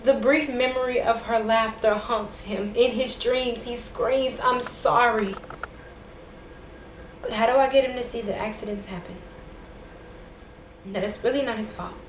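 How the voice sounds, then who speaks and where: In an echoey room with faint background noise, a woman performs spoken word poetry in a slightly high voice with fairly even intonation at normal speed. The poet's delivery is dramatic and rhythmic, rising to impassioned intensity.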